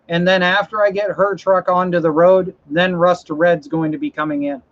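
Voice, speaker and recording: A man hosting a casual livestream, rambling about trucks and mowers and reading out viewer comments. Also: high voice. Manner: rambling, reads viewer comments, self-correcting. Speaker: livestream host. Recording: dull lo-fi stream audio.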